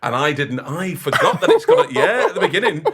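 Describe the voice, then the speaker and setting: A man chats casually as a podcast guest. His voice is bright and forward with a husky grain, and he laughs through his stories and bursts into loud impressions of the people in them. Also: sits high, huge pitch swings, a little fast. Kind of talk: casual anecdotal chat.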